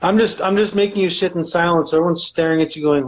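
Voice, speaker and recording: A man on a video call, joking and reassuring with his co-host, then reading his own poem slowly. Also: fairly high pitch, rough recording. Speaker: co-host and poet on a livestream. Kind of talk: casual livestream chat and poetry reading.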